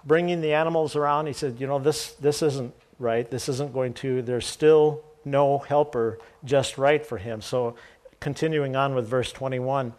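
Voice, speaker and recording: A male pastor preaching from the pulpit. He reads scripture aloud, then explains it in a relaxed, chatty way with light jokes for the congregation. His voice sits at a middle pitch for a man. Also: measured pace. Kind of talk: sermon.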